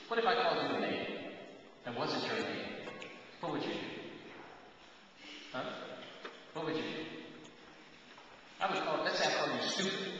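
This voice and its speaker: Animated older man in an echoey hall. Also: a little high. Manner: animated, teasing, asks the audience questions. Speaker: guest speaker at a school. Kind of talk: talk to students. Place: school auditorium or hall. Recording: echoey hall recording from far off, hissy.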